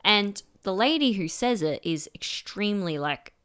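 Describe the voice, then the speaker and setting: A woman's voice: medium pitch, expressive, unhurried, a bit bright, clear, resonant tone. A woman co-hosting a podcast, chatting casually with lots of fillers and playful imitations. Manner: chatty, full of fillers, mimics sounds playfully. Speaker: podcast co-host. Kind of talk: casual chat.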